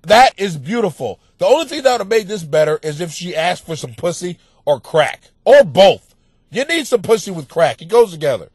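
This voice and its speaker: A male comedian hosting a podcast, delivering a crude, profane monologue that swings between muttering and loud yelling. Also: high voice, very animated, moderate pace, husky, no room sound.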